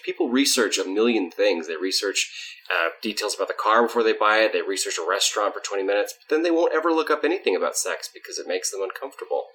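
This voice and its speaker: A man's voice: on the low side, bright, forceful tone. A man co-hosting a casual podcast, joking about himself, then explaining topics earnestly. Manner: joking, self-mocking, turns earnest when explaining. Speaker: podcast co-host.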